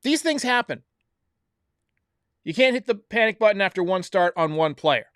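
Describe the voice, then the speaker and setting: A man's voice: high voice, animated, normal speed, fairly bright tone, no echo, studio quality. A man hosting a baseball recap show, giving blunt, opinionated commentary straight to his viewers. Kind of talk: solo sports recap commentary.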